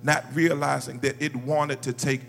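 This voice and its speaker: A male preacher delivering a sermon, telling a story quietly, then rising into shouted, sung calls. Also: medium pitch, level tone, moderate pace, vocal fry, long reverb tail, faint music behind. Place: church sanctuary.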